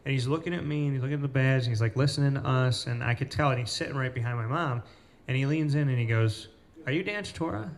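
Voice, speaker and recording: A man hosting a casual interview in a cafe, telling stories with lively retellings of what people said. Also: mid-range voice, quick pace, a little hiss or hum. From Central New York. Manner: animated storyteller, acts out quoted people. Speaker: host.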